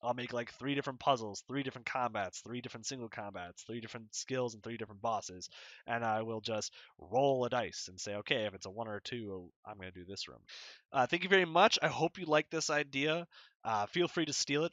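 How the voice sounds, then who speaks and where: A young man in a dungeon master role gives casual advice, rambling and filling gaps with loose asides. His voice is bright and forward, with a middle pitch. The recording is dry, with little room sound. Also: brisk, dry recording. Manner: rambling, loose, full of fillers.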